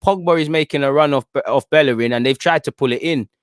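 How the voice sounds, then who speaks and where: A young man with a slightly high voice talks fast as host of a football watchalong, delivering casual live commentary from a fan's view and pleading with the players and the ref. The studio sound is clean, with no echo.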